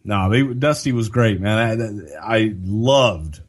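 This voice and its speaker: An older man telling a story in a casual podcast chat, as a lively storyteller who jumps into other people's voices. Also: on the low side, takes it slowly.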